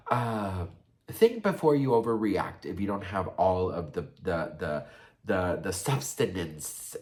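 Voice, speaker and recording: A young man telling a personal story in a casual, profane, gossipy way, full of fillers and asides to his viewers. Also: lowish voice. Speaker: storytime vlogger.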